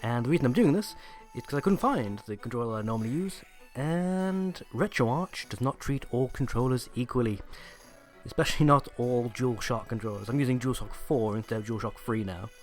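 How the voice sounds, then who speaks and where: A man's voice: mid-range voice, normal speed, soft background music. A man hosting a let's play, giving casual gameplay commentary with dry, rambling asides.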